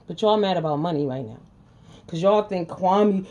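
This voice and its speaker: A woman's voice: on the low side, animated, a little fast, darkish tone, muffled recording. A woman hosting her own channel, scolding her viewers in a profane, confrontational commentary rant and repeating lines for emphasis. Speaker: channel host. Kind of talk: ranting commentary vlog.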